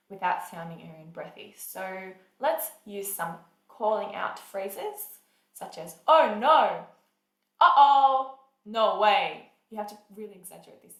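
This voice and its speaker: A woman's voice: mid-range voice, fairly bright tone. A woman teaching singing in a casual, chatty way, often saying "like" and "um" as she explains. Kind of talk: casual vocal lesson. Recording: echoey room.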